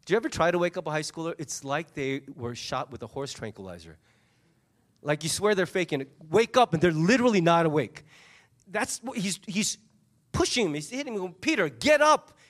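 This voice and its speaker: A pastor with a high-pitched male voice preaches a sermon full of animated storytelling, acting out a scene by taking on its characters' voices. He alternates between quick asides to the congregation and slower, emphatic moments.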